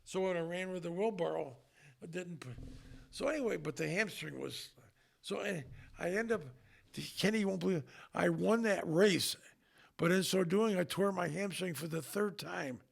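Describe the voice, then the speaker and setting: Older man with a high gravelly voice. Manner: earnest, halting, with many restarts. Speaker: retired strongman, guest. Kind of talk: emotional storytelling.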